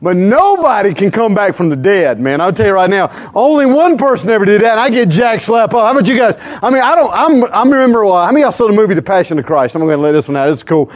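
A man, preaching to a live crowd in a humorous, excitable storytelling way with sudden loud outbursts. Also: sits high, quick pace, hardly any pauses.

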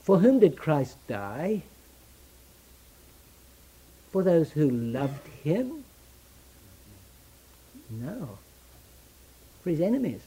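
A man preaching a sermon, asking rhetorical questions and answering them in short, repeated phrases, rising to loud emphasis and then dropping to hushed, slow lines. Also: fairly high pitch, very animated, husky, poor audio. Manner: slow deliberate stresses on key phrases.

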